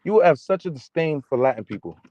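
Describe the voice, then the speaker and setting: A man's voice: on the high side, animated, quick pace, no echo, highs cut off. A man in a casual livestream rant, reading viewer comments and hammering each point with repeated "okay?" and "right?". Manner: emphatic, repetitive, keeps asking "okay?".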